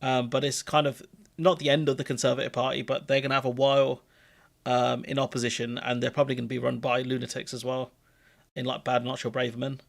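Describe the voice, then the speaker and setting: Man, gravelly voice, casual opinionated chat, live stream co-host. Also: mid-range voice, quick pace. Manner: relaxed, opinionated commentary.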